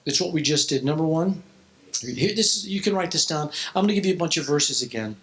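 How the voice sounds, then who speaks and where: Man preaching, dropping to hushes. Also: fairly high pitch, lively intonation, brisk, rough recording. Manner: storytelling, with restarts and sudden drops to a hush. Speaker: pastor. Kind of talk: sermon to a youth group. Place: church hall, in front of students.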